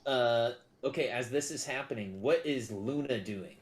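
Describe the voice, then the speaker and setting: A man's voice: mid-range voice, moderate pace. A man running a tabletop game as game master, narrating in an easygoing, amused way.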